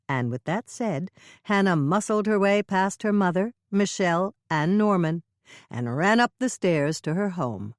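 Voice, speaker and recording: A woman narrating a mystery audiobook with expressive storytelling. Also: lowish voice, a little slow, dry recording, clean studio sound. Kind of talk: scripted narration.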